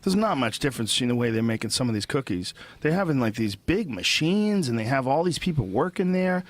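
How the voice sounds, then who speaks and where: A man's voice: mid-range voice, fairly quick, dry recording. A middle-aged man hosting a podcast, talking casually with comedian friends. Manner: relaxed, swears casually. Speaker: podcast host. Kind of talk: casual chat.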